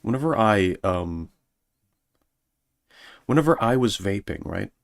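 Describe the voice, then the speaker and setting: A man's voice: on the low side, animated, a little slow, vocal fry. A man streaming as a VTuber, rambling sarcastically in a casual monologue and mocking people in put-on voices.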